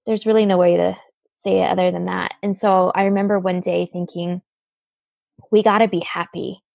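A woman's voice: on the low side, little pitch movement, normal speed, creaky, dry recording, highs cut off. A woman guest telling a personal story in an interview, earnest, with lots of "like" fillers.

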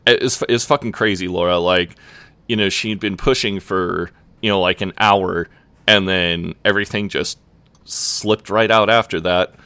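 Young man, very low voice, loose storyteller, swears freely, dry close mic. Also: fairly even intonation, measured pace, sharp tone, clean tone, dry recording. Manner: laid-back, swears often, lots of "like" fillers. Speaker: podcast co-host. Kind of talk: casual chat, storytelling.

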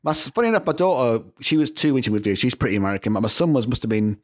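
A middle-aged man with a Northern English accent, telling animated stories with frequent laughs as a guest in a casual interview. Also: medium pitch, rapid-fire. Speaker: guest composer.

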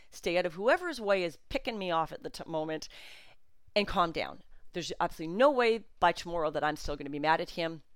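A woman's voice: lowish voice, a bit bright, no echo, clean studio sound. A middle-aged woman hosting a podcast, telling a personal story in an emotional, chatty way with frequent fillers. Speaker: podcast host.

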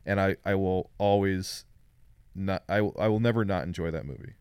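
Man, low smooth voice, gushing movie chat, dry close sound. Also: normal speed, darkish tone, no room sound. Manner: enthusiastic, rambling, gushing. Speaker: podcast co-host. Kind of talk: casual film chat.

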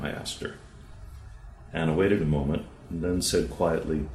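Low-voiced man calmly reading a case study. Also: roomy sound, poor audio. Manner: measured, calm storytelling with quoted dialogue. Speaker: therapist presenting a case.

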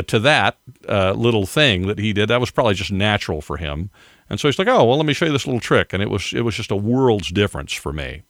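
A man's voice: on the low side, fairly bright tone, no room sound, studio quality. An older man hosting a podcast, rambling through a casual monologue with chuckling asides. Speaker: podcast host.

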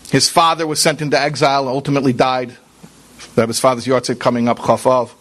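A rabbi teaching a Torah class speaks in a medium-pitched, fairly bright voice, flat in delivery and moderate in pace. His sermon is earnest and conversational, addressed straight to his listeners with rhetorical questions and sprinkled with Hebrew and Yiddish religious terms.

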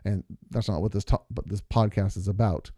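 Man with a low, mellow voice. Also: a little fast, husky, no room sound, studio quality. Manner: earnest, explains with long stories and examples. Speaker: podcast co-host. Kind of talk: casual podcast conversation.

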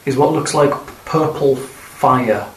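A man running a tabletop game as game master, describing events with teasing, measured narration. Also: mid-range voice. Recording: echoey room, distant mic, faint noise.

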